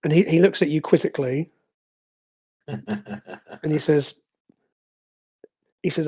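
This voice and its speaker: Hesitant, mellow-voiced game master. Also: medium pitch, fairly quick, long pauses, breathy edge. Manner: hesitant, many fillers and restarts. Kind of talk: narrating a tabletop game.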